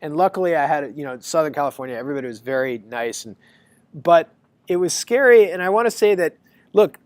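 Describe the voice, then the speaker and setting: A man giving a casual university lecture, talking to students in a chatty, animated storytelling way. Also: sits high, no echo.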